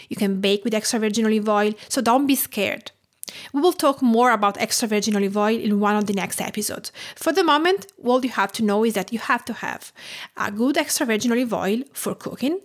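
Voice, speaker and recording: Tuscan-born woman with an Italian accent. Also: fairly high pitch. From Tuscany, Italy. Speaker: podcast host and home cook. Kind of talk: scripted podcast narration.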